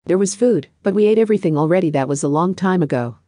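A woman's voice: fairly low pitch, expressive, fast, warm tone, no room sound, studio quality. A synthetic woman's voice reading a starving bearded man pleading.

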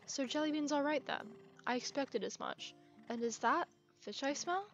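Over muffled game music, a woman voices the lines of a curt, prickly female magic-user. Her delivery is high-pitched, a bit bright, and lively in intonation at a normal speed, pitched above her natural voice.

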